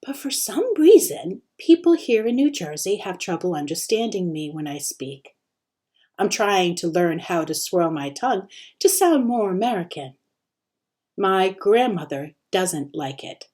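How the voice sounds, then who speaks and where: A woman teacher reads a chapter aloud with lively, expressive storytelling. Her pitch swings widely across phrases. Her tone is mellow and warm rather than bright. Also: a little slow. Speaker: teacher sharing books. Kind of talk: reading a book chapter aloud.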